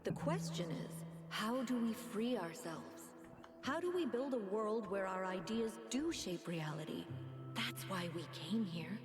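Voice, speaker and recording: A woman's voice: medium pitch, expressive, unhurried, lightly acted. Brief: female actor as a thoughtful robot leader, earnest and reasoned, with hall reverb and music. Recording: game audio with reverb and music.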